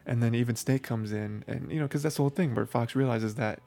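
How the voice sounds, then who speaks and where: Male host, mid-pitched, with some fry; chatty, excitable recap delivery. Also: fast. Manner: rambling, heavy on filler phrases, excitable. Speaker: podcast host. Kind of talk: casual anime episode recap.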